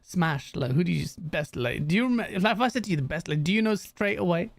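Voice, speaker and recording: Guy hosting a chat show, gravelly voice, swoops up and down, teasing and laughing. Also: sits high, lively intonation, fast. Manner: teasing, laughing, banter-heavy. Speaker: podcast host. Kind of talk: casual chat.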